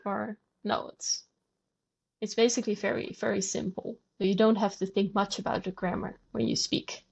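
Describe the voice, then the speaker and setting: A woman explains things patiently and steadily, pausing now and then to demonstrate sounds aloud. Her voice sits at an ordinary pitch for a woman. The podcast audio is slightly dull and muffled. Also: steady tone, creaky, a little mellow, breathy edge. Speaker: guest language enthusiast. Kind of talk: conversational explanation.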